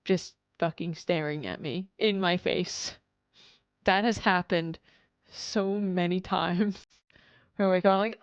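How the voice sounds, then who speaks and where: A woman's voice: lowish voice, slow, pauses often, clear, resonant tone, no room sound, highs cut off. A woman streaming live, chatting casually with viewers, reading chat aloud and swearing as she acts out customers.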